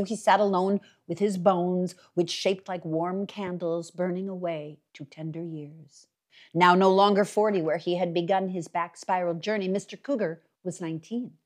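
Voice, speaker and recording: A woman reading a novel aloud for a library reading series, with expressive, dramatic storytelling. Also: mid-range voice. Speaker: library reader.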